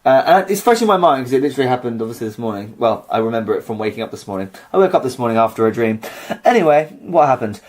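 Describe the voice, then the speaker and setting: A man's voice: mid-range voice, very animated, very fast, hardly any pauses, a little mellow. A young man co-hosting a podcast, rambling through a story with casual chat. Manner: rambling storytelling with fillers and restarts. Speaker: podcast co-host.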